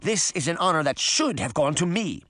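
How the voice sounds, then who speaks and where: A man voicing a proud, bitter fairy girl in a storybook reading, speaking in a low seethe. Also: very animated, normal speed, sharp tone, no room sound, clean studio sound.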